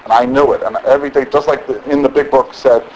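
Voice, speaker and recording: A man's voice: medium pitch, steady tone, fast, a little mellow, slight background noise, rough recording. A middle-aged man candidly sharing his story at a support meeting, rambling with many restarts. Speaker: member sharing at a recovery meeting. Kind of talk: personal share at a support meeting. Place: meeting room.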